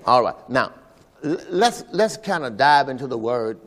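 A man's voice: mid-range voice, sing-song, measured pace, fairly bright tone, long reverb tail. A man, the pastor, preaching a sermon at a church service and calling for responses from the congregation. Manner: call-and-response preaching, repeating "all right" to the congregation.

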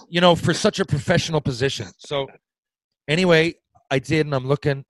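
Middle-aged guy spinning a locker room story, swears constantly, animated, dry mic. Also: medium pitch, no room sound, low-quality recording. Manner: animated, profane, swears freely. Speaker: retired hockey player, podcast guest storyteller. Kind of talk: casual storytelling chat.

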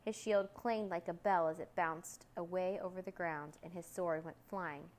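A woman narrating a children's storybook, lively and expressive. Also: normal speed, rough recording. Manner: lively, voicing characters with raised pitch for shouts. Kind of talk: storybook reading aloud.

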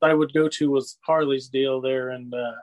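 A man's voice: mid-range voice, steady tone, normal speed, poor audio. A man chatting casually, rambling through wrestling memories and laughing often. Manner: rambling storyteller, laughs often, says "you know what I mean". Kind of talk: casual chat.

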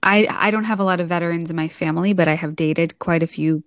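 A woman co-hosting a podcast in casual chat, animated and laughing often. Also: fairly low pitch, fast, no echo, clean studio sound. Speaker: podcast co-host.

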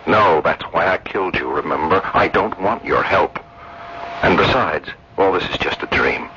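A man's voice: low-pitched, lively intonation, moderate pace, pushed and bright, slightly rough, heavily acted. An actor playing a nervous husband who killed his wife, stammering and disbelieving, in old-time radio drama style. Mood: defiant. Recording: hissy lo-fi old radio recording.

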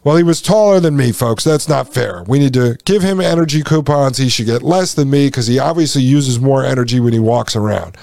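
A man's voice: medium pitch, brisk, gravelly, hardly any pauses, darkish tone, dry recording. A man hosting a podcast, reading from a text and commenting on it in a folksy, sarcastic way that addresses the listeners directly. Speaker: podcast host.

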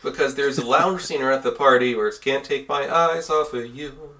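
A man's voice: mid-range voice, moderate pace, sharp tone, distant mic. A man in a casual podcast conversation, analytically comparing films and making references. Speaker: podcast co-host. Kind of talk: casual film review chat.

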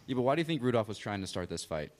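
A man's voice: on the low side, big pitch swings, racing, a little mellow. A young man co-hosting a podcast, opinionated and dismissive in casual chat.

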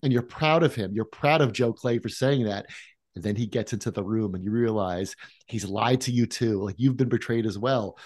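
A man co-hosting a film podcast, talking in an animated way with quick restarts and asides. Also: fairly low pitch. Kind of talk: casual conversation.

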